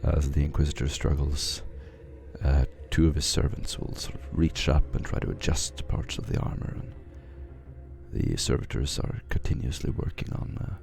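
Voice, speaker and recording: A man narrating a tabletop game as game master, describing scenes slowly with many fillers. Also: rumbling low, steady tone, creaky, a little mellow.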